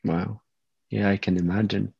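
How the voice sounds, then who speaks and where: A man's voice: on the low side, flat delivery, normal speed, vocal fry, slightly rough, dry recording. A male podcast co-host who asks curious questions and explains things in a casual chat. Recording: dull, dry lo-fi recording.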